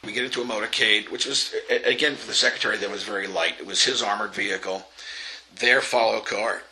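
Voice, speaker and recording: Bright-voiced older man telling a story. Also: lowish voice, quick pace, low-quality recording. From Long Island, New York. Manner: storytelling, acts out quoted voices, laughs often. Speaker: interviewee. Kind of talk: telling an anecdote.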